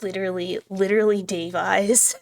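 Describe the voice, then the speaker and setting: Woman streamer, mid-pitched, giggly, rambling live commentary on a horror game. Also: level tone, normal speed, creaky, a little mellow. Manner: chatty, giggly, lots of asides.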